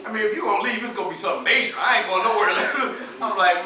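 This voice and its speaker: High-pitched preacher, roomy and distant. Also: male voice, quick pace. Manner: conversational, laughing often, acts out quotes in a lower voice. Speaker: campus minister preaching. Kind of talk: informal sermon. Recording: roomy echo, recorded from a distance, faint background noise.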